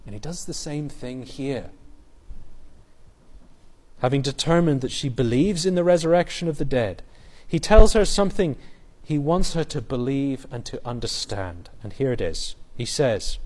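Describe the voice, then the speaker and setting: A man preaching an expository sermon, earnest, building emphasis and quoting scripture in a softer voice. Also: mid-range voice, animated, measured pace.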